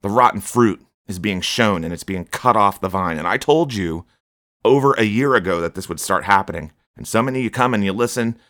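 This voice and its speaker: A man's voice: fairly low pitch, a little fast, fairly bright tone, dry recording, studio quality. A man preaching a stern, scolding sermon on his podcast, rebuking his listeners.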